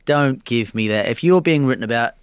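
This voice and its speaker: A man's voice: medium pitch, a little fast, clean tone, no room sound, studio quality. A man in his thirties with a New Zealand accent, chatting frankly as an interview guest, with many restarts. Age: 30s. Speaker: interview guest, ballroom dancer. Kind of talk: casual interview chat.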